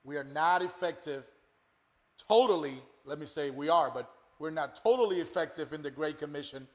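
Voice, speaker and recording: A man's voice: on the high side, normal speed. A man, a pastor, explaining scripture emphatically and repeating his key point. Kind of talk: sermon-like discussion.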